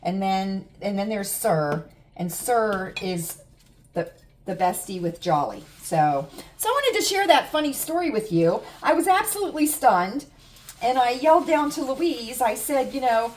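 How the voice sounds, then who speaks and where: A woman's voice: a little high, takes it slowly. A middle-aged American woman vlogger telling stories and chatting casually to her viewers, repeating herself for emphasis. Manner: chatty, animated storytelling with repetitions. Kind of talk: casual chat to camera. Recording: distant mic with faint room noise.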